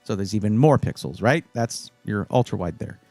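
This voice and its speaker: Faint music plays behind a man whose fairly low, darkish voice has lively intonation and normal speed, with no room sound. Hosting a laid-back livestream, he reads comments from viewers and rambles playfully through computer buying tips, often restarting phrases.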